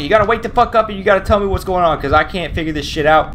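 Male gaming creator, high lively voice, swears freely, yelps at scares, faint game ambience under him. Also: quick pace, few pauses, a little hiss or hum. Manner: excitable, swears a lot, yelps when startled. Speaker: gaming YouTuber. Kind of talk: horror game let's play commentary.

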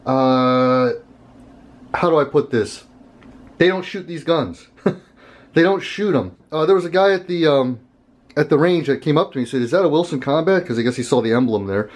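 A man's voice: medium pitch, lively intonation, moderate pace, pauses often. A man hosting a casual gun vlog, talking to camera in a rambling, conversational way and chuckling often. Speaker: gun channel host.

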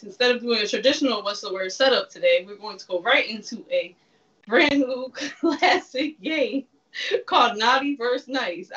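Woman, game host, casual chat, bright tone, far from the mic. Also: fairly high pitch. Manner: chatty and teasing, laughs often. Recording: distant, muffled sound.

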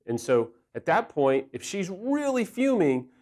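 A man's voice: high-pitched, big pitch swings, a little slow, a little mellow. Earnest, candid man giving advice. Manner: earnest, self-deprecating, acts out quoted lines in a raised voice. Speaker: host, recovery counselor. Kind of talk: candid advice talk to camera.

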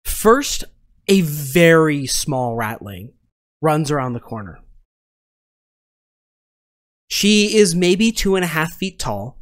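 A man narrating a tabletop game as game master, in slow, descriptive narration. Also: a little high, big pitch swings, dry recording, studio quality.

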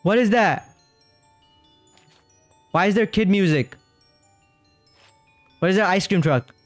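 A young man talks to his chat while he plays, his voice sitting a little high. He is jumpy and rambling and repeats himself when he gets scared. The mic is close and dry, with faint game music underneath. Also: animated, slow pace, no echo. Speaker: streamer. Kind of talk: casual gaming commentary to chat.

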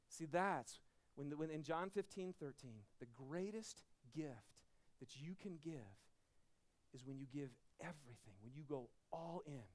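A man in his thirties preaching a Christmas sermon in a church, telling a personal story with animated swings between loud, excited passages and hushed, quiet ones. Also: a little high, moderate pace. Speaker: pastor.

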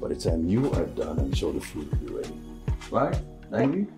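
An actor playing an easygoing husband who talks casually with the house cook. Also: male voice, deep voice, very animated, moderate pace. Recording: echoey room with music.

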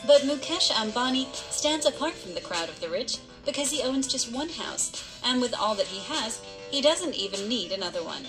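Female countdown narrator, scripted and teasing, over a loud music bed. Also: a little high, very animated, moderate pace, few pauses, low-quality recording. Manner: teasing, rhetorical. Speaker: video narrator.

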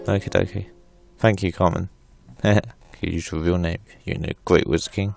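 A man's voice: sits low, fairly even intonation, normal speed, vocal fry. A man giving rambling, crude, joking let's play commentary. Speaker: gameplay commentator. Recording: voice over loud game music.

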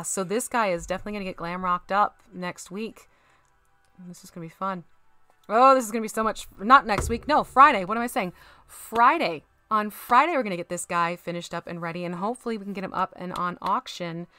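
Bright, playful woman with a Southern American accent, chatting to viewers while she paints, soft music underneath. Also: mid-range voice. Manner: chatty, giggly, talks to chat while painting. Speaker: miniature painting streamer. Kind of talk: casual live-stream chat with viewers. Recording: faint background music.

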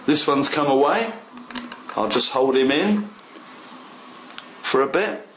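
A man's voice: medium pitch, animated, takes it slowly, long pauses, fairly bright tone, roomy sound, slight background noise, low-quality recording. Chatty man demonstrating model-making. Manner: chatty and enthusiastic, talks to the viewer. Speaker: model railway tutorial host. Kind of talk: hands-on craft demonstration.

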